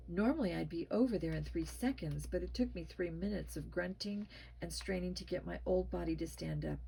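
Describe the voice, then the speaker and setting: A woman narrating a spooky children's story with a tense, expressive reading. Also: fairly low pitch, a little fast, gravelly, breathy edge, low-quality recording. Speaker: storybook reader.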